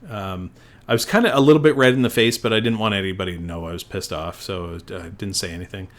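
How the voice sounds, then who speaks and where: A man's voice: low voice, fast talker, fairly bright tone. A middle-aged man, a doctor, co-hosting a podcast and telling stories in casual chat, swearing often and acting out what people said. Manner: swearing storyteller, acts out quotes. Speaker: podcast co-host.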